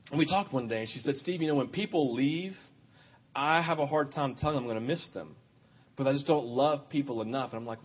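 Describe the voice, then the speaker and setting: A man preaching a sermon in an animated, confessional way, swinging between loud outbursts and quiet, intimate stretches. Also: medium pitch, husky, highs cut off.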